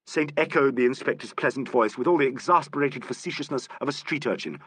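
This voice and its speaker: Bright-voiced male audiobook narrator. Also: medium pitch, sing-song, fast, slightly rough, no echo. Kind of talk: scripted narration.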